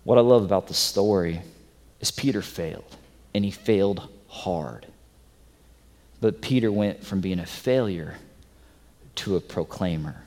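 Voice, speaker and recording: A male pastor preaching a sermon, swinging from loud emphatic stretches to soft hushed ones. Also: low-pitched, unhurried, long pauses. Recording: long hall reverb.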